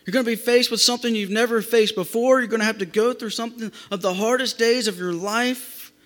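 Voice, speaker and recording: Guy preaching in a church, high voice, keeps repeating lines for emphasis, big reverby room. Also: steady tone, brisk, a bit bright. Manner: emphatic, repeats phrases for stress. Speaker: pastor. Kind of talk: sermon. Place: church sanctuary. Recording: long hall reverb.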